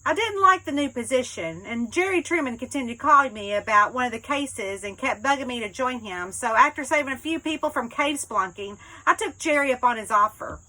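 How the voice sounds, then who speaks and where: A woman voicing a relaxed, bearded southern man, a former sheriff, in a relaxed, offhand way in a storybook reading. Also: sits high, a little fast, few pauses, rough recording. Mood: easygoing.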